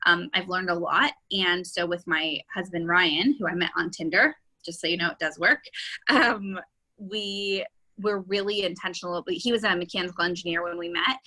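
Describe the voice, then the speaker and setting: A woman's voice: on the low side, fairly even intonation, moderate pace, sharp tone, rough recording. A woman real estate agent and coach giving an enthusiastic, chatty webinar talk with many fillers.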